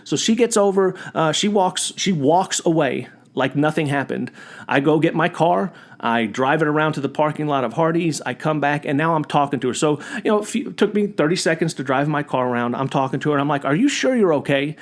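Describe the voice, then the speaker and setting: A man hosting a podcast, telling a personal story as a monologue, animated and often restarting his sentences. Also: on the high side, a little fast. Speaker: podcast host.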